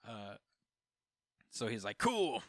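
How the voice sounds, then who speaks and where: A man's voice: mid-range voice, moderate pace, a bit bright, dry recording, studio quality. A man co-hosting a podcast, recapping a comic chapter in casual chat and acting out the characters' lines with laughter. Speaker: podcast co-host. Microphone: podcast microphone.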